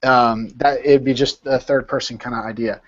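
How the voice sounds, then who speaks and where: A man's voice: medium pitch, steady tone, moderate pace, dull audio. A man leading an informal study session over a video call, explaining step by step and repeating words as he thinks.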